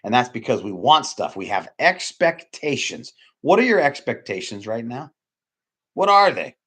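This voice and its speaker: A man delivering a loose, conversational sermon to his congregation. He rambles, restarts his sentences and repeats himself, swinging from emphatic loud bursts to low, quiet murmurs. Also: big pitch swings, moderate pace, husky. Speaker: preacher. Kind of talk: informal sermon.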